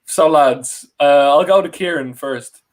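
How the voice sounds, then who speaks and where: A young Irish man hosts a podcast live stream, rambling, correcting himself and laughing often as he introduces guests in casual chat. His voice is a little high and a little slow, and the recording is rough.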